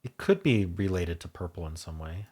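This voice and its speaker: A man with a deep voice and a touch of husk hosts a casual puzzle stream. He thinks out loud, wandering between guesses and doubting himself. He speaks close to a desk mic in a quiet home room. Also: animated, normal speed, slightly rough. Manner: thinks aloud, musing and unsure. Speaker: puzzle video host. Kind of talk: casual solo puzzle commentary.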